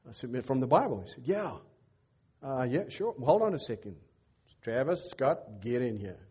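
A middle-aged pastor preaches in a church with a husky, mellow voice. He tells a story in his sermon and acts out the dialogue in an animated way, raising his voice for the other people in it. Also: medium pitch, normal speed.

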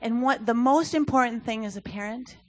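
A woman's voice: a little high, a little fast. A woman speaking earnestly and conversationally at a church service, with frequent fillers as she talks. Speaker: youth ministry speaker. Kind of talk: sermon talk.

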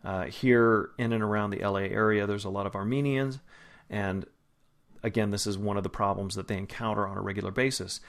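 A man's voice: on the low side, steady tone. Patient man teaching American pronunciation. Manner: patient, explanatory, slows to model sounds. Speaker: accent and pronunciation coach. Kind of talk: spoken phonetics lesson. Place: Los Angeles area.

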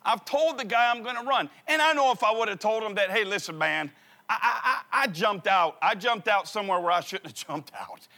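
A man's voice: high-pitched, a little fast, bright, forceful tone. A middle-aged man, a pastor telling a funny personal story in a sermon and acting out the dialogue. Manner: humorous, acts out the dialogue.

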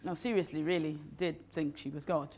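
A woman's voice: deep voice, steady tone, fairly quick, darkish tone, a little hiss or hum. A woman, a guest speaker, giving a chatty, self-mocking sermon at a college hall, laughing often as she tells stories. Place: college hall with a live audience.

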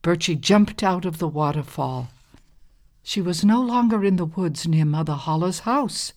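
A woman reading a storybook aloud with calm, measured, expressive narration. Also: on the low side.

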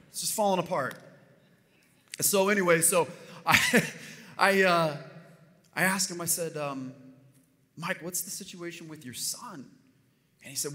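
Male pastor, fairly high voice, storytelling sermon that swells with fervor, reverberant church hall. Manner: animated, building to near-shouts.

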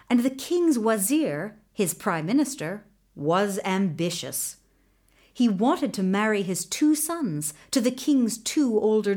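Slow, lively woman storyteller. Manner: slow, expressive reading with lively pitch. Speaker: audiobook narrator. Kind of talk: storybook narration.

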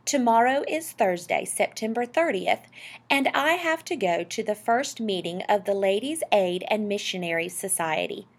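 A woman's voice: mid-range voice, lively intonation, moderate pace. A woman voicing a practical, fussy middle-aged housewife who scolds primly. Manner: scolding, prim.

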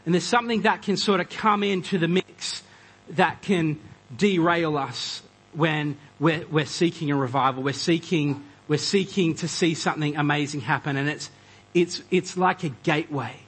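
A man preaching a conversational sermon, animated and acting out quoted voices. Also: a little high, moderate pace, husky, rough recording. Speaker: pastor.

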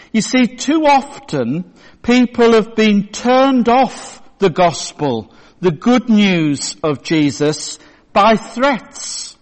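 A male pastor giving a sermon in a church, telling a story in a measured way. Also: sits high. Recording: long church reverb.

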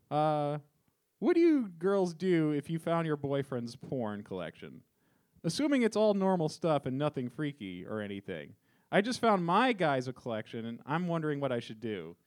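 A male podcast host in casual comedy banter, laughing a lot and tripping over words while he reads letters. His voice sits fairly high and swings widely in pitch. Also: sing-song, a little slow. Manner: giggly, stumbles when reading aloud.

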